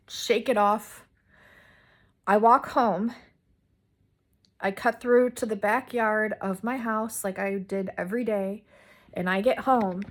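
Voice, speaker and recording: Slow-talking woman telling a personal story. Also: medium pitch. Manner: rambling, many "like"s and restarts. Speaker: vlogger.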